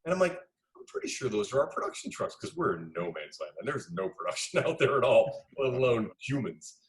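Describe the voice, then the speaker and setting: A middle-aged man, a film director being interviewed, telling lively anecdotes and acting out the dialogue he quotes. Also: mid-range voice, a little fast, low-quality recording. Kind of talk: casual interview storytelling.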